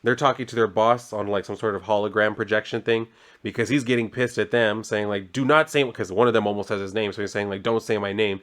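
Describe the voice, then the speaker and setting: A man's voice: lowish voice, fairly even intonation, quick pace, a bit bright. A man giving a casual, chatty recap of a comic as a reviewer, with frequent "like" and "so she's like".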